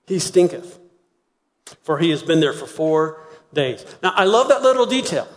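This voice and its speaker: A man preaching a sermon with a fairly high voice. He tells the story in an animated way and acts out the voices of the people in it. The long reverb of a big hall trails each phrase. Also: moderate pace. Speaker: pastor.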